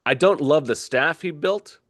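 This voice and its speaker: A man's voice: a little high, measured pace, a bit bright, no room sound, clean studio sound. A man talking sports as a guest on a casual show, opinionated, often restarting his sentences.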